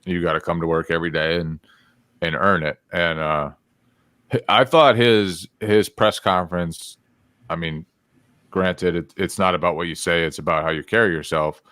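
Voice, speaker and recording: A man co-hosting a casual sports podcast, giving measured, thoughtful analysis. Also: deep voice, steady tone, a bit bright, no echo, studio quality. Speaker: podcast co-host and beat reporter.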